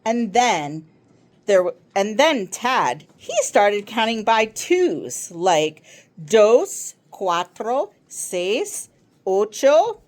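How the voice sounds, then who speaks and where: A woman reads a storybook aloud as an excitable schoolboy, tumbling through his story in an eager, rambling rush with lively ups and downs. Her voice is medium-pitched and extremely slow.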